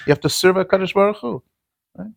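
A man's voice: sits high, fast talker, gravelly, no echo. A man teaching a Talmudic lecture, repeating key terms and asking rhetorical questions. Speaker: Torah teacher.

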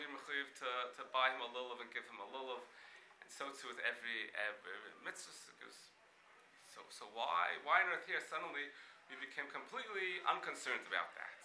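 Male Torah teacher, very bright tone, animated Talmud lecture, echoey room. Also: mid-range voice, a little hiss or hum. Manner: animated, questioning, frequent restarts. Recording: echoey room with faint ambience.

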